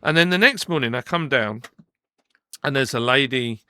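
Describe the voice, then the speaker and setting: A man co-hosting a podcast, telling a personal story in casual chat, animated and acting out what people said, with frequent restarts. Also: mid-range voice, normal speed, dry recording, studio quality. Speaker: podcast co-host. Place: podcast studio.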